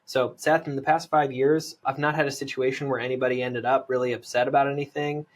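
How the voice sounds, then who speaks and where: Brief: energetic American man, persuasive sales-coach delivery, mid-pitched, peppers his talk with "right?". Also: fast talker. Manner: energetic, persuasive, lots of "right?" tag questions. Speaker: land investor, podcast guest.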